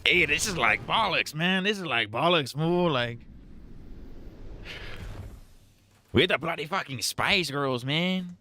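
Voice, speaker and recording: A man voicing a gruff male British antihero who talks like a Los Angeles street tough, slangy and swaggering, tacking "man" and "fool" onto his lines. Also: on the high side, lively intonation, moderate pace, pushed and bright, voice pushed up, exaggerated voice.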